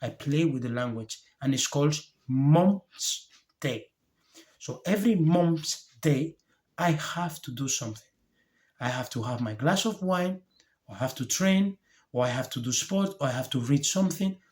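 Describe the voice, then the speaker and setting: A man speaking as a life coach in a reflective motivational monologue to camera, earnest and gentle in short halting phrases, openly heartfelt. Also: a little high, expressive.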